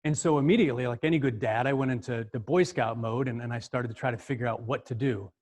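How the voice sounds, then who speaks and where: A middle-aged man giving a storytelling talk, animated and repeating words as he goes. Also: mid-range voice, quick pace. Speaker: speaker.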